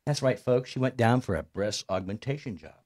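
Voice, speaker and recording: A man, a stand-up comedian, telling stories and jokes in casual chat, animated and jumping into high voices to quote people. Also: brisk. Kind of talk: casual storytelling with joke routine.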